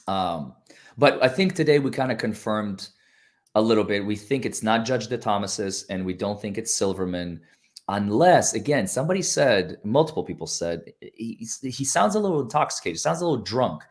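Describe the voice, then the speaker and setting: Guest lawyer, low voice, earnest, rambling, restarts a lot. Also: male voice, animated, normal speed. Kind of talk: casual livestream chat.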